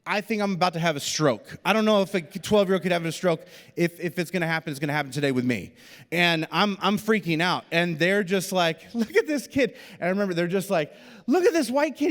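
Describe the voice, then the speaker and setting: Brief: male pastor, lively storyteller, slightly high voice, long reverb from the hall. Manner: animated storyteller, acts out quoted voices. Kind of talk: sermon with personal storytelling. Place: church auditorium.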